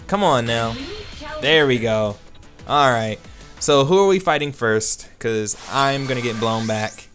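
Animated man doing game commentary. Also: mid-range voice. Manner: animated, self-deprecating, quick outbursts and laughs. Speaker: gaming YouTuber. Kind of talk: let's play commentary. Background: game music.

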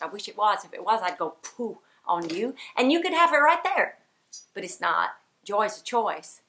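A woman's voice: medium pitch, sharp tone. A middle-aged woman preaching a sermon to women, emphatic and repetitive, with bursts of forced laughter. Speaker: speaker at a women's ministry gathering.

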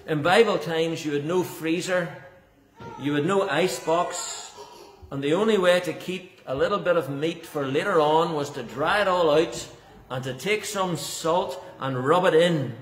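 Man, pastor, preaching a sermon, slightly higher voice, emphatic, roomy church sound. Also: slight background noise. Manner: earnest, emphatic preaching with repetitions and pauses. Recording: echoey church hall.

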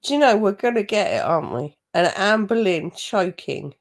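A woman's voice: medium pitch, animated, moderate pace. A woman giving mocking, gossipy commentary over a video she is reacting to. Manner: sarcastic, gossipy asides.

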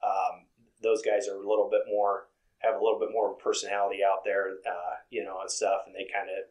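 The rough recording captures a truck driver with a deep voice talking briskly and casually in an interview. He's relaxed and rambling, peppering his tales with "you know."

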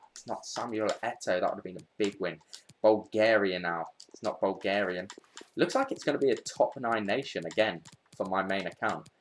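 A man's voice: fairly low pitch, moderate pace, a little hiss or hum. A man giving casual, chatty commentary over a video game pack opening, talking straight to his viewers as he goes. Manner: chatty, excitable, talks to viewers while searching. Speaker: gaming YouTuber.

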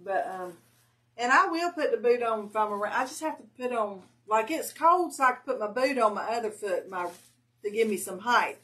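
Lady in her 50s, kinda high voice, sits back from the mic, chatty storyteller laughing at herself. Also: expressive, a little fast, a bit bright, far from the mic. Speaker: guest crafter on a livestream. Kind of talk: casual chat.

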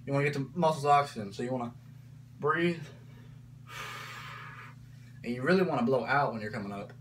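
A man's voice: mid-range voice, fairly quick, fairly bright tone, a little hiss or hum, low-quality recording. Casual man coaching a workout. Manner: casual, coaching, says y'all and frickin'. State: slightly out of breath. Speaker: fitness vlogger.

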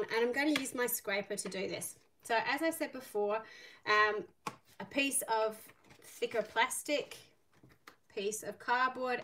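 A middle-aged woman with an Irish accent mixed with an Australian one, chatting warmly through a live online art class and greeting viewers by name. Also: a little high. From Northern Ireland. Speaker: art teacher. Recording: slightly distant mic, faint noise.

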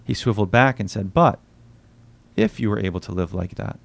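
Guy reading from his novel, slow and quiet, lowish voice with lots of fry. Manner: quiet, unhurried reading with soft-spoken dialogue. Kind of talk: literary reading at a bookstore.

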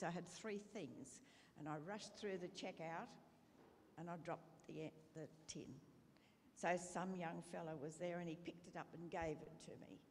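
A woman tells a rambling, homely story in a fairly low voice. The sound carries a long hall reverb, with faint noise underneath. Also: darkish tone. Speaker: congregant sharing a story. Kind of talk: casual anecdote. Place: church.

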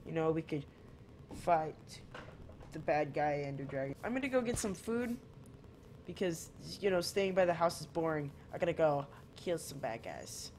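A man's voice: a little high, lively intonation, normal speed, darkish tone, a little hiss or hum. A man giving casual, rambling gameplay commentary, joking to his viewers and chatting at his cat as he plays. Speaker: gaming channel host.

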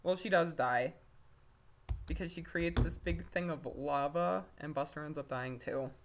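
A woman's voice: low-pitched, unhurried, slight background noise. Rambling woman reviewing a story. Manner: rambling, with lots of fillers and self-corrections. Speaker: fanfiction reviewer. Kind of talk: casual video review.

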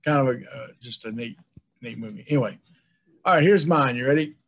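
A man's voice: mid-range voice, fairly quick. A man co-hosting a casual podcast, airing blunt opinions with frequent restarts. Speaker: podcast co-host. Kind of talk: casual chat.

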